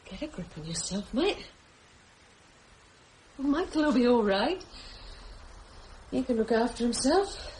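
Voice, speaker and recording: A woman's voice: fairly high pitch, darkish tone, a little hiss or hum. An actress playing a nervous young mother alone at night, with a British accent, muttering to herself in a radio drama. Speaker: radio play lead.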